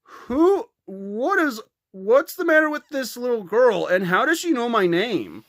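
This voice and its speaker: A woman's voice: fairly high pitch, big pitch swings, a little slow, no room sound, clean studio sound. A woman voicing a middle-aged male crab boss who sounds puzzled in a homemade fan production. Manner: puzzled, questioning.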